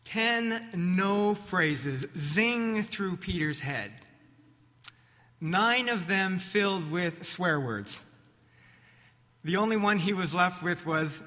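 Slow, bright-voiced preacher telling a story. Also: male voice, sits high. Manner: vivid, animated narration with slow pauses. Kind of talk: dramatic sermon storytelling. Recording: echoey hall reverb.

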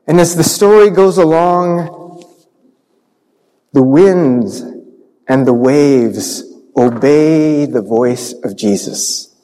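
A pastor telling a Bible story to children in church, animated, acting out sound effects. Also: male voice, sits high, slow pace. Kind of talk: children's sermon. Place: church sanctuary. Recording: long church reverb.

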